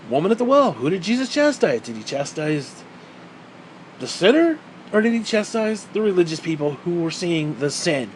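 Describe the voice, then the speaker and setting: A man's voice: high-pitched, big pitch swings, moderate pace, a little hiss or hum, poor audio. A man ranting in a profane, heated monologue, sarcastic and mocking, swearing constantly. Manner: mocks others in put-on quoted voices. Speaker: vlogger.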